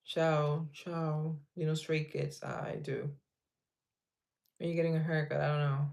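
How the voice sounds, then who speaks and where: Speaking at a normal speed, this male livestream host has a fairly high, creaky voice that's a little mellow and level in tone. He casually reads viewer comments aloud, rambles, and laughs at his own jokes.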